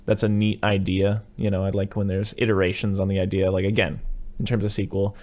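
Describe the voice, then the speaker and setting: A man's voice: low voice, level tone, brisk, a little mellow. A man hosting a podcast, rambling through movie recaps with lots of fillers in casual chat. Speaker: podcast host.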